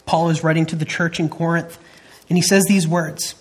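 A man's voice: on the high side, fairly even intonation, normal speed, breathy edge. A man in his thirties preaching a sermon, earnest and emphatic, often restarting his phrases. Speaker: pastor.

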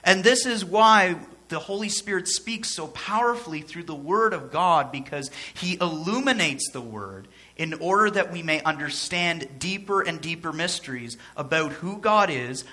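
A man's voice: a little high, animated, normal speed, hardly any pauses, pushed and bright, slightly rough. A man preaching a sermon as pastor, in a conversational way with joking asides and phrases repeated for emphasis.

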